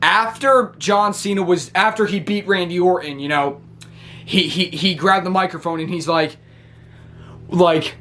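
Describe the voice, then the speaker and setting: Brief: high-pitched male wrestling reviewer, excitable, rambling casual recap. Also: a little slow. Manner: excitable, rambling with many restarts.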